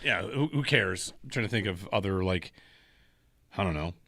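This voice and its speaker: A man hosting sports talk radio in a jokey, animated way, talking into a studio microphone. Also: deep voice, creaky, no room sound. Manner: animated, jokey, quick to laugh.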